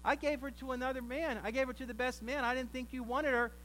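A flustered, dismissive older father-in-law, as a male preacher puts him on, a bit higher and softer than the preacher's own voice, bright and hurried. He brushes off his son-in-law. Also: steady tone.

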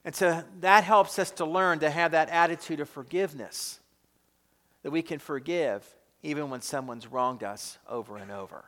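High-voiced emphatic preacher man. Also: normal speed. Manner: emphatic, swinging between loud stresses and quiet drops. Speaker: pastor. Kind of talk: sermon. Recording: echoey hall reverb.

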